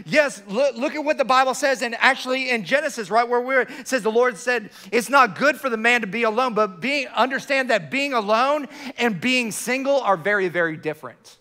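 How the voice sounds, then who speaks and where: A man preaching a sermon to his church, animated, often restarting his words. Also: very high voice, a little fast, hardly any pauses. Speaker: pastor.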